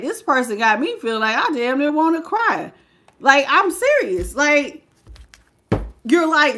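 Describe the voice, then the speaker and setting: Woman reading tarot live, pretty high voice, gets emotional. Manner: emotional, expressive, greets live chat. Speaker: tarot reader.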